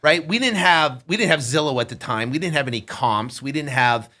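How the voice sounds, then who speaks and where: A man's voice: on the high side, brisk. A man in his fifties, a podcast guest, telling a story in casual chat and acting out the voices of the people in it. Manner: animated, acts out voices in his stories.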